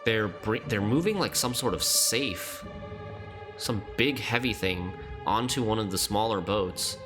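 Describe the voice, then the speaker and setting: A man's voice: lowish voice, unhurried, music in the background. A man streaming a game, chatting casually and thinking aloud as he plays, often laughing.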